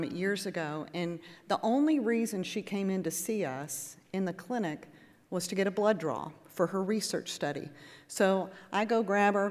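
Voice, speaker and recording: Lively woman lecturing in an echoey hall. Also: mid-range voice. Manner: lively, conversational, acts out patient exchanges. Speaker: nurse practitioner lecturer. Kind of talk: conference lecture to patients. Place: conference hall with audience.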